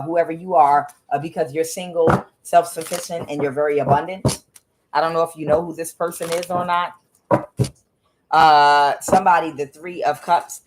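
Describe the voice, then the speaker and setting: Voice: mid-range voice, slight background noise. A tarot card reader giving a casual, rambling reading, with many fillers and blunt asides.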